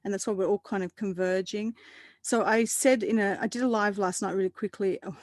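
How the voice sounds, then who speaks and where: A woman guest in a casual roundtable chat, animated and quick to laugh, often restarting her sentences. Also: medium pitch, dry recording, studio quality.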